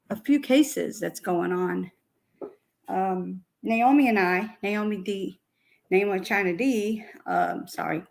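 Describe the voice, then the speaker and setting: A woman's voice: medium pitch, gravelly, background noise. A middle-aged woman hosting a casual talk about news cases, rambling with many restarts and a little out of breath. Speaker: host.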